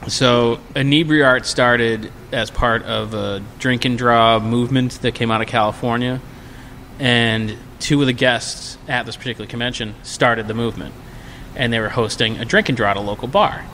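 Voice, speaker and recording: A man co-hosting a podcast, telling a drinking story in a casual, animated, profane way. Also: medium pitch, moderate pace, in a large hall, a little hiss or hum. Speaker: podcast co-host.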